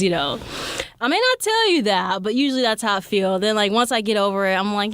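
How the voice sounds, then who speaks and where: A woman's voice: mid-range voice, a little fast, no echo. Woman podcast host, young, candid and profane monologue, dry close sound. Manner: blunt, profane, animated storytelling.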